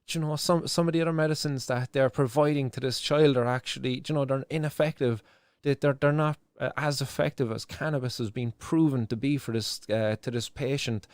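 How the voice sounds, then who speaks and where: A man's voice: medium pitch, steady tone, fairly quick, darkish tone, clear, resonant tone, dry recording. An Irish man hosting a live news show, giving impassioned, emotional commentary, swearing freely and repeating himself as he presses his point.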